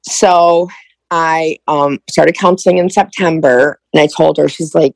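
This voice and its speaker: A middle-aged woman shares her own story as a podcast guest, with a gravelly, low-pitched voice. She talks candidly and emotionally, slipping into the voices of the people she quotes. The sound is dry and close. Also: steady tone, a little slow, dry recording, poor audio. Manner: emotional, candid, acts out past conversations. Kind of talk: personal storytelling in a podcast interview.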